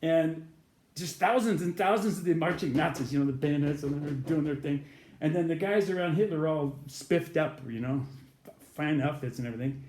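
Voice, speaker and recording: A man's voice: on the high side, moderate pace, darkish tone, roomy sound. A man, a guest in an interview, earnestly retelling an experience and acting out the voices in it. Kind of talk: storytelling a near-death experience.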